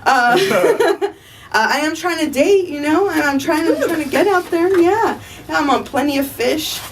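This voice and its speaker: A woman's voice: high-pitched, animated, normal speed, recorded from a distance, a little hiss or hum, rough recording. A woman doing a stand-up comedy set at a live show, brash and profane, often laughing at her own jokes. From Armenian family.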